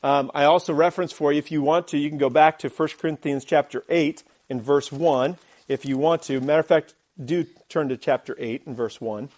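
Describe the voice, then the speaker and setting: Male pastor, higher pitch, emphatic sermon delivery, repeats phrases, asks the room questions. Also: fairly even intonation, fairly quick, few pauses, a little mellow. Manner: emphatic preaching with rhetorical questions and repetition; uses a glove as a prop.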